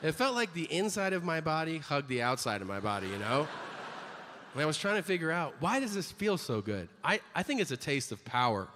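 A man performing stand-up comedy on a theater stage, telling stories with animated delivery and jumping high for quoted voices. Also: a little fast. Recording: large hall with reverb, faint noise.

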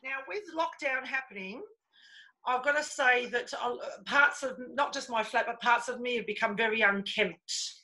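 A woman performs a brash, bawdy stand-up set over a video call. Her voice sits a little high and rings bright and sharp. She talks in a chatty, cheeky way. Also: moderate pace, poor audio. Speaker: stand-up comedian.

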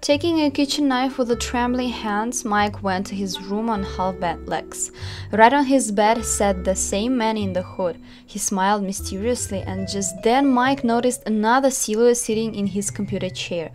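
A woman's voice: mid-range voice, moderate pace, a little mellow, soft background music. A woman who hosts a channel, narrating a story dramatically and chatting with puppets.

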